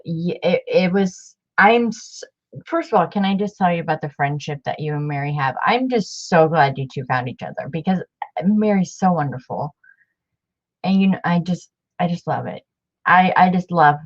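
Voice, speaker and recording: A woman hosting a casual craft livestream, chatting warmly and rambling, repeating herself as she works. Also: low voice, lo-fi sound.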